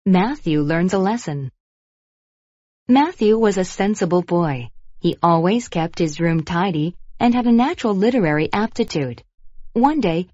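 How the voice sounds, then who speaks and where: A woman reading example sentences and a short story for a vocabulary lesson in clear, measured narration. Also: on the low side, warm tone, no room sound, dull audio.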